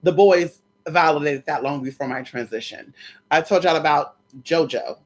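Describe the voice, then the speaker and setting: A young adult woman telling a personal story to her viewers in a sassy, animated way, often calling them "girl" and "y'all". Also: sits low, moderate pace. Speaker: storyteller vlogger.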